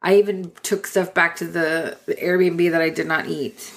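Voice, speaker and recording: A young woman with a somewhat low voice co-hosting a casual podcast. She teases her co-host and jumps in to correct or finish his sentences. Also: steady tone, normal speed. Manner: teasing, chimes in and corrects. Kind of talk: casual chat.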